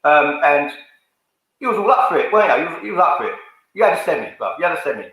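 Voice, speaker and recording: Brief: man, bright high voice, confrontational swearing rant, very echoey room. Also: very animated, fast talker. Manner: confrontational, swearing, repetitive, calls people out. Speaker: fan channel YouTuber. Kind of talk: angry rant to camera.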